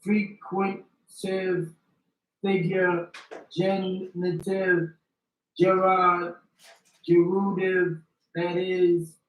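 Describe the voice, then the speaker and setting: Guy slowly reading off a word list, kinda flat, echoey room, away from the mic. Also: high-pitched. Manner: slow, deliberate list reading. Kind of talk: reading out a list of dictionary abbreviations. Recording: roomy sound from a distance.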